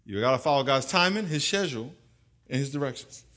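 A middle-aged man preaching a sermon with a bright, forceful voice that swings all over the place. He keeps it animated and humorous and pulls the congregation into answering him. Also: medium pitch, fast. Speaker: pastor.

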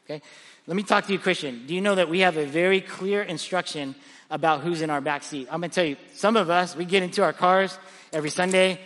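In a large church auditorium with a long hall reverb, a pastor delivers a sermon in a high, bright, forceful voice. He's a fast talker, lively and full of stories, and often stumbles over repeated words as he restarts.

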